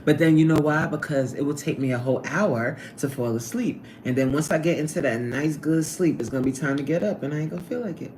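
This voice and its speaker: A woman hosting a casual livestream from her workplace on a lunch break, reading out chat and laughing often in an animated way. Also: fast, few pauses, roomy sound, a little hiss or hum. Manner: animated, laughs often, swoops up high when excited.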